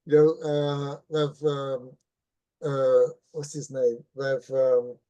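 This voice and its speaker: A middle-aged rabbi giving a Torah class. He tells a story in a relaxed, anecdotal way and keeps checking in with listeners by asking "right?" and "you follow?". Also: medium pitch, slow, smooth, dull audio. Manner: relaxed anecdotal teaching with restarts.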